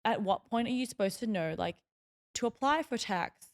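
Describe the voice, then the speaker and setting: A woman's voice: fairly high pitch, expressive, moderate pace. A young woman from Melbourne hosting a podcast, telling stories in a chatty, rambling way with lots of fillers. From Melbourne, Australia. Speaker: podcast host. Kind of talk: casual solo podcast storytelling.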